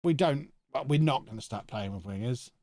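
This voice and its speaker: A man's voice: mid-range voice, animated, moderate pace, a little mellow, no echo. A man, talking to himself in chatty commentary while streaming a video game live. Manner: chatty, thinking aloud to himself.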